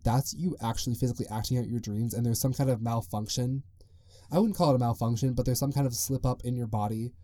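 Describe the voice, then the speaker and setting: This young man's mid-range voice sounds mellow, captured in clean studio audio with no echo. He hosts a casual solo podcast, rambling along with plenty of "like" and frequent chuckles.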